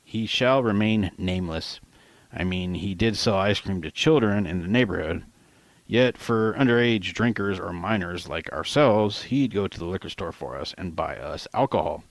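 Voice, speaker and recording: A man narrates his own novel in a casual, conversational way, with slang slipping in. His voice sits fairly low. The recording is close and dry, with no room sound. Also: animated, moderate pace, dry recording. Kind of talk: audiobook narration.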